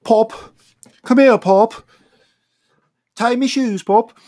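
A man voicing a cheeky young English boy with a high, squeaky put-on voice. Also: slow, warm tone. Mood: whiny.

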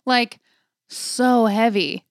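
A woman's voice: on the high side, extremely slow, creaky, no room sound, studio quality. A young woman co-hosting a casual podcast, chatty and agreeable, grumbling about everyday annoyances. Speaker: podcast co-host. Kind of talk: casual chat.

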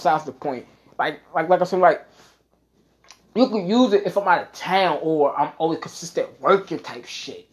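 A young man hosting a solo podcast, ranting in a profane, repetitive way, packing his talk with "like" and getting heated. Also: a little high. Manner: gets heated and louder. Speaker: podcast host.

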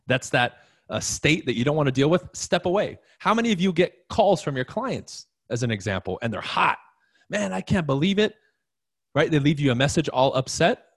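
A man's voice: on the high side, husky, no room sound, studio quality. A man giving a casual, emphatic motivational talk to an audience, repeating key phrases and asking them questions. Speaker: motivational speaker.

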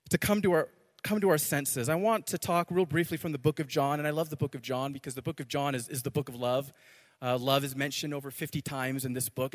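Male pastor, high-pitched, animated preaching in a big reverberant church. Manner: animated, repeats words, swings loud to soft. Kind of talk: sermon. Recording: long hall reverb.

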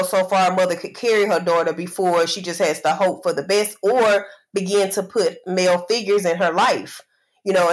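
A woman's voice: lowish voice, low-quality recording. A woman co-hosting a casual podcast, talking reflectively in long winding sentences full of "you know". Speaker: podcast co-host.

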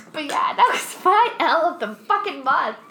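A young woman telling a story in casual chat, animated, swearing often, laughing as she talks. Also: high voice, slight background noise. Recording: roomy echo.

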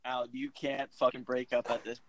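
A man's voice: medium pitch, little pitch movement, brisk. A man bantering with friends, cutting in with incredulous, profane questions. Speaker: friend on a group call. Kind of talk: casual banter.

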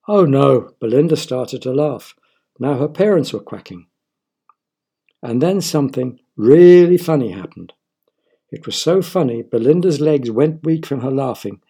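Husky man reading a children's story. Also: medium pitch, warm tone. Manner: playful, asks listeners questions.

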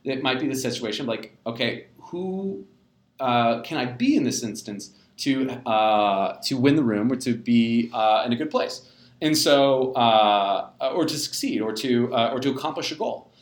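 A man's voice: medium pitch, lively intonation, moderate pace. Chatty man in a roomy echo. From United States. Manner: rambling, self-deprecating, many fillers and restarts. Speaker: host of a live personality talk. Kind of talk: casual explanatory talk.

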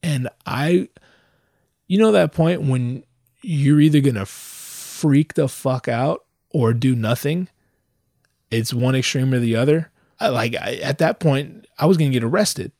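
A young man telling a profane, exasperated story in a dry close recording, with slangy talk that keeps stammering and restarting. His pitch stays mid-range as he rants animatedly. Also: unhurried, a little mellow, no echo. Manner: stammers and restarts when worked up. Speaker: vlogger. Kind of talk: casual storytelling rant.

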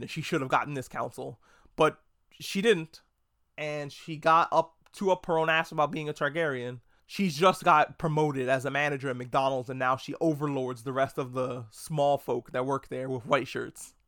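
A man hosting a casual video review of a TV episode, talking excitably, rambling and swearing a lot. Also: a little high, gravelly, no room sound, clean studio sound. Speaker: TV show reviewer.

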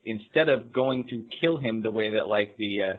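A man on a podcast, calmly giving his analysis of an anime with frequent hesitations. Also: lowish voice. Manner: measured, analytical, hesitant fillers. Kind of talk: casual anime discussion. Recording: tinny phone-like line.

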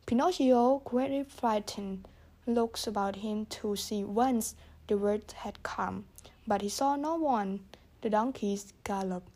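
A woman reading a children's story aloud, gently voicing the characters. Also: mid-range voice, takes it slowly. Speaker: audiobook reader. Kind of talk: storybook narration.

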